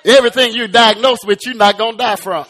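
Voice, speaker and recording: A man preaching in a very high, bright, ringing voice. He climbs from slow, hushed phrases to loud, soaring, shouted passages. He often repeats a word several times before pushing on. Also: slight background noise. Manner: repeats words in quick restarts. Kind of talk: sermon.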